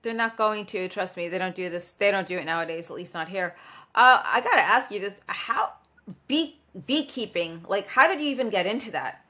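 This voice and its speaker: A woman's voice: mid-range voice, animated, moderate pace, pushed and bright. Blunt, foul-mouthed woman podcast host. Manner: blunt, profane storytelling. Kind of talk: casual chat.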